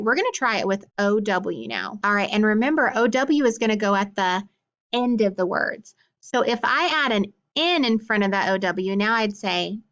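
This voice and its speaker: A woman's voice: mid-range voice, sharp tone, lo-fi sound. Encouraging woman teaching phonics. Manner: encouraging, slow sounding-out of words. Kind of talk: phonics lesson.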